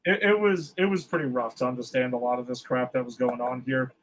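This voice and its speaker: A man's voice: medium pitch, lively intonation, fast talker, slight background noise, poor audio. A man co-hosting a casual movie review podcast, sounding exasperated, swearing and rambling with restarts. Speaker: podcast co-host.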